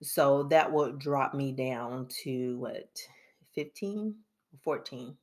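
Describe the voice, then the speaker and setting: Low-pitched woman vlogger, casual and animated, cracks jokes and chats to viewers like friends. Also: slow. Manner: joking, animated, laughs often, addresses viewers as y'all. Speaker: YouTuber sharing monthly goals. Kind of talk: casual chatty vlog.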